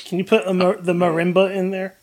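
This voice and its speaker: A man's voice: high voice, flat delivery, fairly quick. A man co-hosting a podcast, teasing the others in casual chat. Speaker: podcast co-host.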